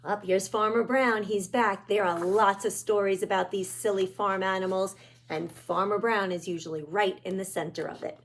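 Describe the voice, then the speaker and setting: A woman reading a picture book aloud to young children, gentle and pointing out the pictures as she goes. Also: mid-range voice, steady tone, moderate pace. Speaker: children's storyteller.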